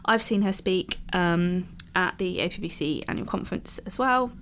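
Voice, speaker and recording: A woman's voice: fairly low pitch, moderate pace, slight background noise. A woman co-hosting a podcast, chatting casually and reading an introduction aloud in a careful, slightly posh reading voice with frequent ums. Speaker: podcast co-host. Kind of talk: casual chat and read-out introduction.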